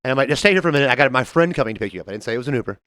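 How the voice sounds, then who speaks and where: A man co-hosting a podcast, telling a story in casual chat, animated and laughing often as he acts out the people in it. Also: medium pitch, racing, dry recording. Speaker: podcast co-host.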